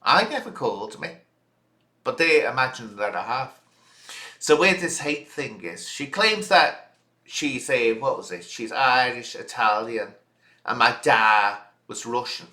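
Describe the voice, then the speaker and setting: Male vlogger, forceful bright voice, indignant scolding rant, roomy echo. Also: medium pitch, measured pace. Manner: indignant, scolding direct address. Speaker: channel host. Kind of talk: ranting reaction video.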